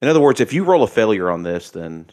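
A man with a somewhat low voice runs a tabletop horror game as its game master. He narrates in halting, searching descriptions. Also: sing-song, a little mellow.

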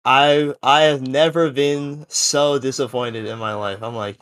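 A man's voice: medium pitch, steady tone, unhurried, few pauses, fairly bright tone. A seventeen-year-old young man telling a story in a casual podcast chat, rambling and full of fillers. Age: teens. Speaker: podcast co-host.

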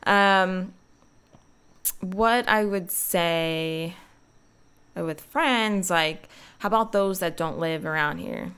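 A young woman hosts a solo podcast, chatting casually and rambling with lots of fillers. Her smooth, slightly bright voice sits on the low side, and she speaks extremely slowly with long pauses.

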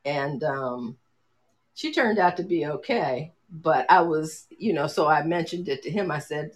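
A husky, middle-aged woman's voice talks in a loose, rambling way. She hesitates, circles back and restarts her sentences, full of ums, as she chats with a friend on a podcast. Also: low voice, lively intonation, moderate pace. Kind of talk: casual chat.

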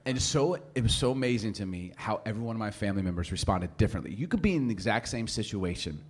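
A man's voice: lowish voice, fast talker, slightly rough. A man in his forties, a pastor telling a family story in a sermon and acting out the people in it. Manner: animated storyteller, acts out family members' voices.

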